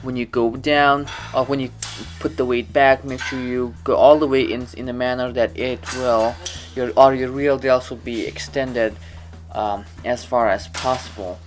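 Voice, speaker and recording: A man's voice: mid-range voice, flat delivery, a little slow, soft background music. Rambling man coaching gym exercises. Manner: rambling, many restarts and self-corrections. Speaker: fitness vlogger. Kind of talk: casual workout instruction.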